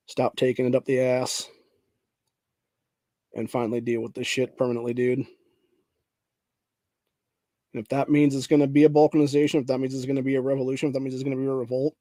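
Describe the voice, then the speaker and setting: A man's voice: medium pitch, dark tone, dry recording. A man hosting a political podcast, ranting angrily and profanely, often saying "dude", and reading headlines aloud. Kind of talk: angry political rant.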